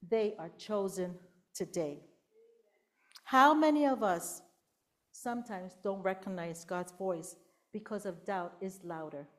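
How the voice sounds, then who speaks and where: A woman's voice: mid-range voice, takes it slowly, pauses often. A middle-aged woman giving a sermon to a congregation, telling a Bible story and acting out the quotes, sometimes dropping to a whisper. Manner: storytelling with acted-out quotes, whispering to show how softly God speaks. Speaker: preacher.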